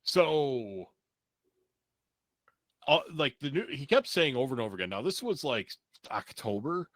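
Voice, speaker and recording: A man's voice: medium pitch, sing-song, unhurried, fairly bright tone, no echo. A man on a podcast telling a rambling, profane story in a casual way, laughing now and then.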